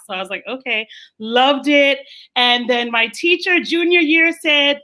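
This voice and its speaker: Lively high-voiced Brooklyn woman. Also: normal speed. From Brooklyn, New York. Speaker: opera singer guest. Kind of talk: casual interview chat.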